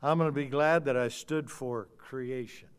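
An older man preaching a fiery sermon, swinging from low muttering to loud shouts. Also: fairly even intonation, moderate pace, smooth. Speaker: pastor.

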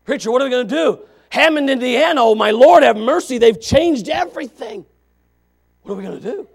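Anxious churchgoer man, whining, fretful, as a preacher puts him on, high voice. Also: expressive, rapid-fire, vocal fry, mellow, husky, heavily acted. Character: worried male churchgoer fretting to his preacher.

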